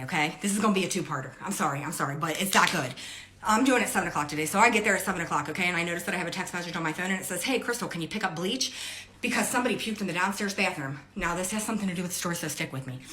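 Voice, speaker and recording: A woman telling a story in a casual, animated way, swearing often and acting out her coworkers' lines. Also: on the low side. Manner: animated, swearing, jumps between hushed aside and loud outbursts.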